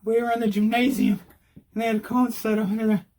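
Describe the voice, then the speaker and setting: A man giving an animated, repetitive how-to talk while riding outdoors, out of breath. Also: high voice, fast, slight background noise. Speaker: e-bike vlogger. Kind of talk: casual instructional talk.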